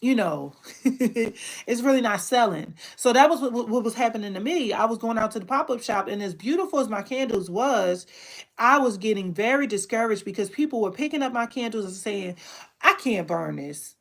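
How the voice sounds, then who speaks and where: A woman's voice: on the high side, fairly quick. A woman who makes candles and teaches online, telling her own story to the camera in a candid, emotional way, often repeating herself.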